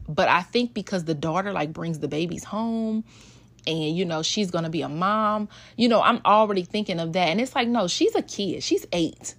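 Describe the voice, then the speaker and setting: A woman's voice: medium pitch, a bit bright. A woman, a mother talking casually and emotionally about raising her kids. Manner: chatty, emotional, switches into voices when quoting. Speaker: mother sharing parenting experience. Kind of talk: casual personal talk to an audience.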